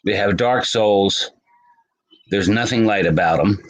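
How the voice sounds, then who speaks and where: A man's voice: fairly low pitch, a little slow, poor audio. A man hosting a casual livestream, chatting with viewers by name and laughing often. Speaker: livestream host.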